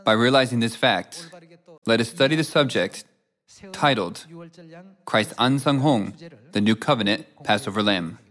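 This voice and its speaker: A man's voice: medium pitch, unhurried, long pauses, a bit bright. Man reading a solemn scripted sermon. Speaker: preacher.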